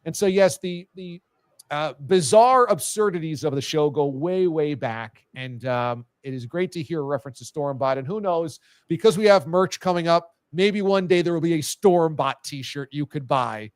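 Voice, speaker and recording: A man in his forties hosting a live sports talk show, telling stories with lively delivery and frequent laughs. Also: fairly high pitch, moderate pace, smooth, no echo. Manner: lively, storytelling, laughs often. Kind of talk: casual live show chat.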